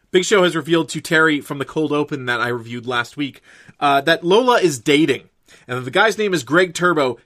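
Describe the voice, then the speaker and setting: A man's voice: mid-range voice, bright, forceful tone, dry recording, studio quality. A man recapping wrestling and a TV episode in casual commentary, rambling with lots of filler words and casual swearing. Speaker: wrestling and TV reviewer.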